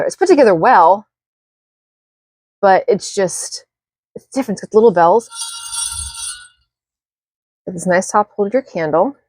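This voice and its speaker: A woman's voice: on the low side, darkish tone, no room sound. A woman casually rambling through a show-and-tell of her thrift finds at home, self-deprecating and restarting often. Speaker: thrift haul vlogger.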